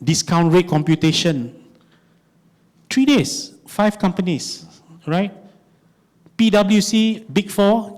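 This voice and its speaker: A man in his forties with a Malaysian English accent, giving an animated conference talk, telling stories and asking rhetorical questions. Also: on the high side. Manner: animated storytelling, lots of rhetorical "right?". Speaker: conference speaker.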